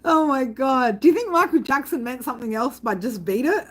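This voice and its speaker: A woman with a high-sitting voice, lively intonation and a brisk pace hosts a live tarot reading stream over poor audio. Casual with viewers, she swears nonstop, often tosses in "right?", and erupts in loud laughter over chat comments.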